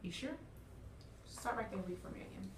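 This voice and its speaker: In a roomy classroom captured by a faraway mic, amid background noise, a woman coaches young readers with frequent "okay?" and "all right?" check-ins. Her mid-range voice moves a little fast and sounds encouraging.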